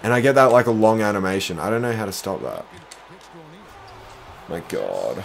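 Excitable young man streaming a basketball game. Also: lowish voice, normal speed, creaky, a little hiss or hum. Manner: excitable, groaning, self-deprecating, bursts into shouts. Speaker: gaming streamer. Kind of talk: live gameplay commentary.

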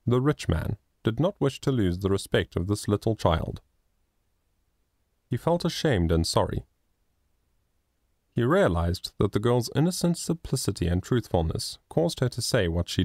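A man narrating a moral children's story in a measured, expressive reading. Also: fairly low pitch, no echo, clean studio sound. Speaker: audiobook narrator.

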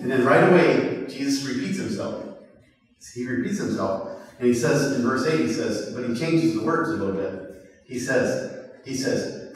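A man preaching a sermon in a conversational, halting way, repeating words and asking the crowd questions. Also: medium pitch, expressive. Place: church hall. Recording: roomy hall from far off.

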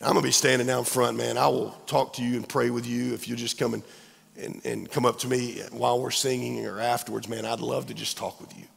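A hoarse man, losing his voice, preaching an earnest, pleading sermon as a pastor. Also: medium pitch, flat delivery, fairly quick. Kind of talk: sermon altar call. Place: large church sanctuary. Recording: long reverb of a large church.

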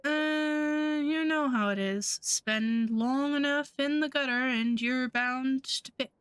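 A woman voicing a sly aging male black-market merchant in a game, with a slow, drawling way of talking. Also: high-pitched, fairly bright tone, clear, resonant tone, no echo. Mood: wary.

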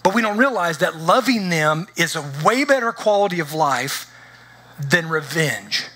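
A man preaches in church with a fairly high voice and a forceful, bright edge. His delivery is conversational and engaging, and he keeps asking the congregation whether they follow him. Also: animated, moderate pace. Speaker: pastor. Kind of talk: sermon.

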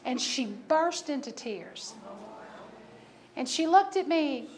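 A woman pastor delivers a sermon in a very high voice, telling stories and laughing at herself. She drives her points home by repeating them. A faint hiss sits under the recording. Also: animated, slow pace, long pauses. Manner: storytelling, laughing at herself, emphatic repetition.

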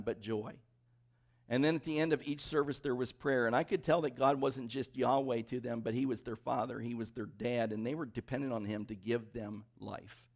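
A man's voice: medium pitch, gravelly, a little mellow. A middle-aged man, a pastor, preaching a sermon in a conversational, storytelling way and often checking in with the congregation. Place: church worship service.

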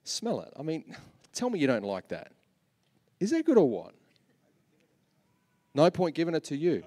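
Lively Australian man preaching in a hall. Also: fairly high pitch, moderate pace. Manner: animated preaching, swinging from soft to loud with repetitions. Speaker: pastor. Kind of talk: sermon. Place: large church hall. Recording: long reverb of a church hall.

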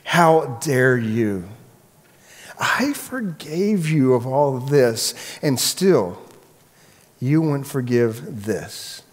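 A man playing a grave, deliberate king. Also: animated. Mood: stern. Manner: slow, low and grave. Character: powerful, merciful but stern king. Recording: long echoey hall reverb.

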